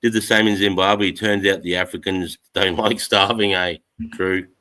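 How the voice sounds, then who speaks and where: A man's voice: low voice, fairly even intonation, normal speed, noisy background. A man with an Australian accent hosting a livestream, chatting casually and swearing a lot, laughing as he retells things. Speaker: livestream host. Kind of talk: casual chat.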